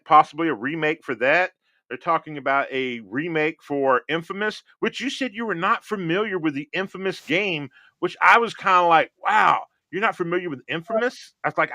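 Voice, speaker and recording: A man's voice: on the high side, pushed and bright, no echo, studio quality. A man hosting a casual gaming podcast, joking and rambling as he thinks aloud. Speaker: podcast host.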